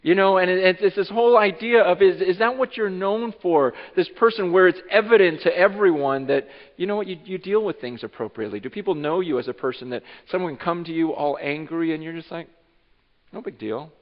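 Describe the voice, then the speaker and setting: Male pastor, fairly high voice, animated sermon delivery, dull lo-fi sound, long church reverb. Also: fairly quick, hardly any pauses. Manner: animated, acts out imagined speech of listeners. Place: church sanctuary.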